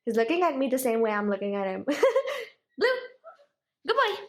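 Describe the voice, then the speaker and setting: A woman's voice: high voice, wildly swooping pitch, normal speed, reverberant, low-quality recording. A young woman filming her pet parrot at home, coaxing and cooing at it in a giggly baby-talk voice. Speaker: parrot owner and vlogger. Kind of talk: casual vlog talking to a pet.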